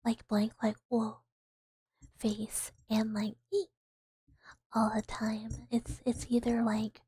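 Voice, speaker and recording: Soft-whispering woman in whispered role-play. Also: fairly high pitch, completely flat delivery, measured pace, husky, no echo, rough recording. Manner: rambling, self-deprecating, soft whispering. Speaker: ASMR streamer.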